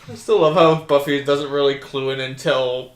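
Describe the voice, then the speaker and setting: A man's voice: medium pitch, steady tone, moderate pace, reverberant. A man co-hosting a podcast, chatting casually with dry remarks. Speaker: podcast co-host.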